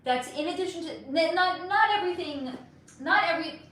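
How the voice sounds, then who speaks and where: A woman's voice: extremely high pitch, brisk, fairly bright tone. A woman hosting a casual livestream, reading chat questions aloud and answering frankly, swearing freely and trailing off with fillers while she puts on makeup at home. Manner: putting on makeup while talking. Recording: very echoey room.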